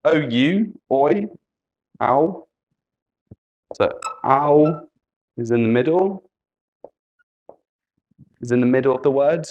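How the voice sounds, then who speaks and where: A man's voice: medium pitch, lively intonation, takes it slowly, pauses often, a little mellow, muffled recording. A man teaching an English spelling lesson, patiently repeating letters and example words.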